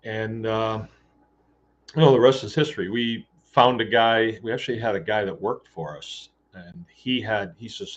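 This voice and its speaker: Low-voiced man rambling through a farm story. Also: normal speed. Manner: rambling, with many fillers and restarts, acting out quoted dialogue. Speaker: podcast host. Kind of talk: casual storytelling monologue. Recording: dull lo-fi sound.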